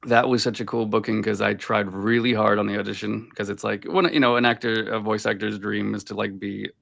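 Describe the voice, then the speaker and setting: A man's voice: lowish voice, little pitch movement, fairly quick, vocal fry, fairly bright tone. A man from Boston, a voice actor guest, telling rambling anecdotes in a casual interview over a video call. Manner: rambling anecdotes full of filler "like".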